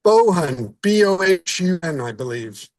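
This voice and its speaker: A man's voice: high-pitched, sing-song, a little slow, no room sound. A man hosting a reading group on a video call, chatting in a rambling way with frequent restarts. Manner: rambling, laughing, restarts sentences. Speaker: organizer and host of a reading group. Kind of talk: casual wrap-up chat.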